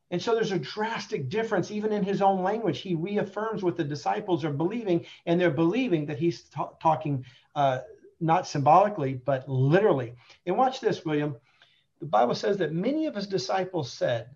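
A man explains his faith in an earnest, emphatic way, slowing down to stress key phrases. His voice sits fairly high. The recording sounds dull and lo-fi. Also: animated, a little mellow. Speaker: guest, Catholic convert. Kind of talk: conversational religious testimony and explanation.

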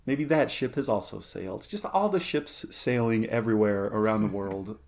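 A man's voice: fairly low pitch, moderate pace, vocal fry, darkish tone. A man co-hosting a podcast in a casual chat, rambling with many fillers and restarts. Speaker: podcast co-host.

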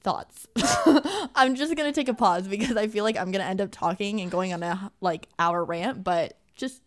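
A woman's voice: mid-range voice, moderate pace. Chatty young woman telling a story. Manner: animated storytelling, many "like" fillers. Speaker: podcast co-host. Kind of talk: casual chat.

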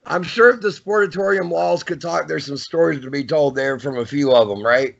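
A man's voice: fairly high pitch, vocal fry. A male radio co-host in casual chat who jokes with his guest and laughs easily. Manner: jokey, quick to laugh. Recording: dull lo-fi audio.

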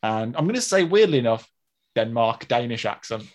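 A man's voice: medium pitch, very animated, moderate pace, a little mellow. A man with a Birmingham accent co-hosting a podcast, chatting casually and hesitantly with many ums. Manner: hesitant, lots of ums, laughs easily. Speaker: podcast co-host. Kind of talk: casual chat.

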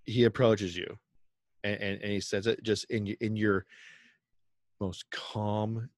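On a dry recording, a man with a lowish voice speaks a little slowly and in a level tone. He co-hosts a podcast, spinning rambling stories in casual chat with lots of fillers and acted-out quotes.

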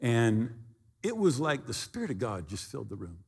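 A man preaches in a husky voice that leaps high and drops low as he tells a story from the pulpit. He acts out sounds and dialogue with animation. His voice rings with the long reverb of a church hall. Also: wildly swooping pitch, normal speed. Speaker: pastor. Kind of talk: storytelling sermon.

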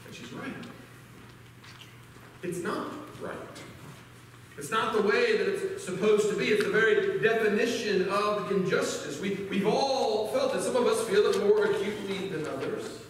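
A man's voice: high-pitched, normal speed, a little hiss or hum. A pastor preaching a sermon in an earnest manner, often repeating words as he starts a sentence. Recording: echoey church hall from far off.

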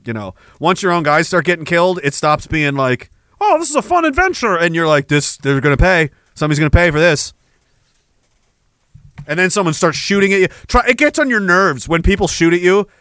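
A middle-aged man hosting a podcast, ranting with heavy profanity and jumping between war stories and shouted quotes. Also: a little high, a little fast, no room sound. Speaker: podcast host. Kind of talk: ranting monologue.

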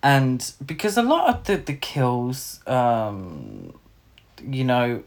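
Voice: medium pitch, wildly swooping pitch, slow. Podcaster, mid voice, fed up with a bad movie, swears a lot. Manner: exasperated, sweary critique. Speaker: podcast co-host. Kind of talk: casual film review chat.

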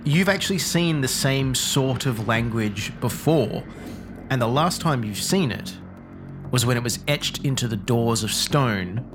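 A man narrating a tabletop game in a deliberate storytelling way. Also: medium pitch, lively intonation, music in the background. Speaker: game master.

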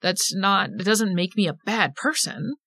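A woman talking in an earnest, halting way, restarting her sentences as a guest on a casual podcast. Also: medium pitch, lively intonation, bright, forceful tone, no echo.

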